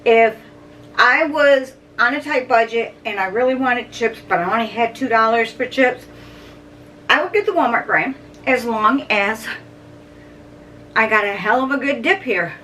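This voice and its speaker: A woman's voice: a little high, a little slow, bright, forceful tone. A middle-aged woman chatting casually as she tastes and reviews snacks on her video channel, humming and chewing between bites. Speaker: food vlogger. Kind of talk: casual food review to camera. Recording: distant mic, faint background noise.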